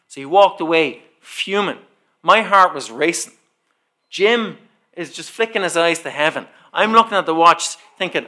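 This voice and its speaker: A man's voice: a little high, normal speed. A man preaching a sermon, telling a personal story and acting out the dialogue as he goes. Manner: animated storyteller who acts out the dialogue.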